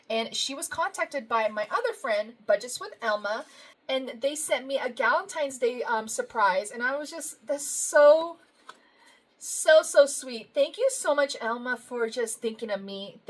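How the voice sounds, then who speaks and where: A woman budgeting vlogger chatting casually as she opens happy mail, gushing and effusive, full of thank-yous and little laughs. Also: a little high.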